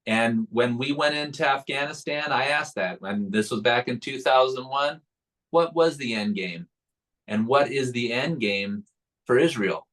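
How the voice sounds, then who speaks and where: A man in a political interview discussion, firm and measured as he argues his point. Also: mid-range voice, fairly bright tone, rough recording.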